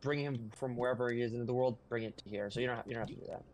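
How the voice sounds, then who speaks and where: A young man playing a co-op game with a friend, talking in an easygoing, halting way. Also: medium pitch, steady tone, darkish tone, slight background noise. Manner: easygoing, halting, lots of ums and likes. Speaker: co-op gaming partner. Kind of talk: casual let's play chat.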